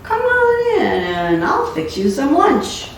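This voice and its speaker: Woman voicing a jolly giant cook, hearty, slow, echoey room, distant mic. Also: on the low side, expressive, gravelly, a little hiss or hum, heavily acted. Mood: cheery. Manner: cheery, hearty. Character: huge friendly male cook, jolly.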